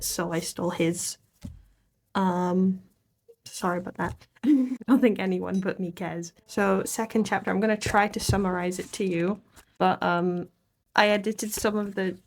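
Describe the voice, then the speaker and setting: A woman's voice: mid-range voice, a little mellow. A woman vlogger casually summarizing a book, rambling and self-deprecating, laughing often as she talks. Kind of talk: casual chat.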